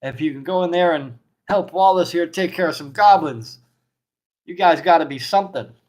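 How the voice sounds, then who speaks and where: A man's voice: on the high side, normal speed, voice pushed up, close to an everyday voice. A man voicing a cheerful, talkative male tavern barkeep. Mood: jovial.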